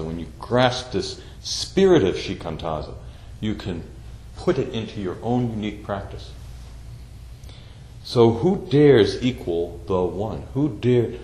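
A man giving a slow, deliberate Zen dharma talk, repeating phrases for emphasis. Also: lowish voice, darkish tone. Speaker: Zen teacher. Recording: echoey room with faint background noise.

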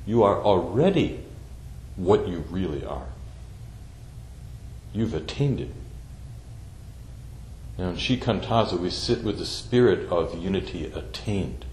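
A man leads a Zen dharma talk at an unhurried, measured pace, his voice sitting a little low. He repeats key phrases to let them sink in. The recording carries the echo of a room and a faint hiss behind him. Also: darkish tone. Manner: slow, deliberate, repeating phrases for emphasis. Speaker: Zen teacher. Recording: echoey room with faint background noise.

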